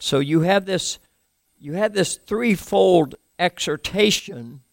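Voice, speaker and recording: Gravelly-voiced pastor preaching conversationally. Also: male voice, fairly high pitch, fairly bright tone, dry recording, clean studio sound. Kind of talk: sermon.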